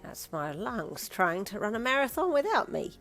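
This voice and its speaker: A woman's voice: fairly high pitch, sing-song, a bit bright, soft background music, pitched above the performer's own voice. Warbling old granddad, as a woman puts him on. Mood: jolly. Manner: warbling, jokey, slow drawl. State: short of breath. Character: cheerful frail old man near ninety.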